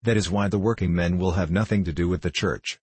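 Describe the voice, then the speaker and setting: A man's voice: low voice, steady tone, brisk, husky, no room sound. A man voicing a fierce male socialist debater who argues insistently and without mercy. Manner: forceful, cutting, insistent.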